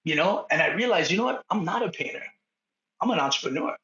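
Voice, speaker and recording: An animated man with a fairly high, bright, forceful voice spins lively stories as a podcast guest. The sound is echoey and a little dull, as if recorded in a bare room on lo-fi gear. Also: fast talker. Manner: animated, acts out dialogue. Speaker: podcast guest, painting contractor. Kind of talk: storytelling in casual conversation.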